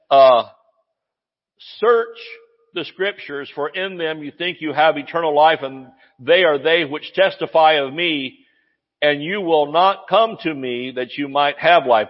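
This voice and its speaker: A man preaching a sermon in a church, excitable and exclamatory, asking the congregation rhetorical questions. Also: a little high. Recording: muffled sound in a reverberant hall.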